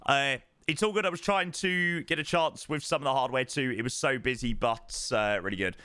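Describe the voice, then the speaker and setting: A man's voice: mid-range voice, normal speed, pushed and bright, clear, resonant tone, dry recording, clean studio sound. A man chatting casually on a live stream, thanking subscribers one by one and swearing now and then. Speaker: flight sim streamer.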